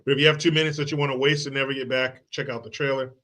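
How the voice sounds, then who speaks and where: A man's voice: mid-range voice, little pitch movement, rapid-fire, fairly bright tone. A man hosting a live political commentary stream, casual and profane, joking with the chat and quoting movies. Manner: loose and joking, reads chat aloud, drops into movie quotes; profane, sarcastic.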